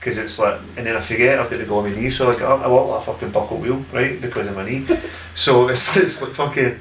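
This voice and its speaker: A man's voice: mid-range voice, fairly even intonation, fast, fairly bright tone. A Scottish man, a podcast guest, telling stories in casual chat, swearing a lot and laughing as he talks. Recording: echoey room from far off with faint hiss.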